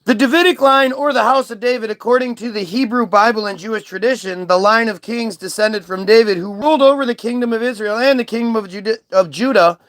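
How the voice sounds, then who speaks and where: A man's voice: sits high, a bit bright. A man hosting a livestream, rambling and swearing while reading things aloud from his screen. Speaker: livestream host.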